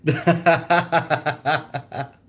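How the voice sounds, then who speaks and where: A man's voice: on the high side, steady tone, drawn-out words, fairly bright tone. A man chatting casually on a live stream, answering viewers, rambling and often breaking into laughter.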